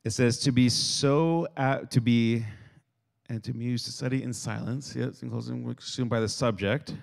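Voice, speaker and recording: A man gives a youth sermon in a church service, his voice sitting at an ordinary pitch with a gravelly, creaky edge. He preaches with lively energy, acting out little everyday scenes and getting the crowd to say words back to him. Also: moderate pace. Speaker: youth speaker.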